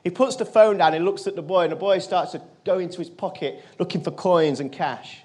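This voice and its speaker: A man giving a motivational keynote, telling a personal story to a live audience and turning quiet in the emotional moments. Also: high voice, a little fast. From England. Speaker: motivational speaker. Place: conference stage.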